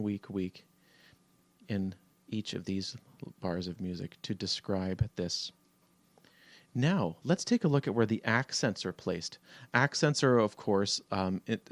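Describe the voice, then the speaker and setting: Low-voiced man teaching music theory. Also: no echo. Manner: relaxed, halting, many fillers, counts beats aloud. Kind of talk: screen-share tutorial lesson.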